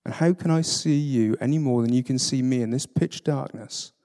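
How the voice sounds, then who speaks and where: A man reading aloud and voicing a surly, grumbling male dwarf, gruff and scornful. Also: medium pitch, fairly even intonation, fairly quick, mellow, lightly acted.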